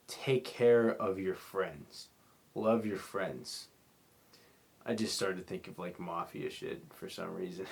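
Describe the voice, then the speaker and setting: A man's voice: deep voice, slow pace, gravelly. A young man hosting a rambling solo podcast, drunk and sleepy, slurring and apologizing as he talks. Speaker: podcast host.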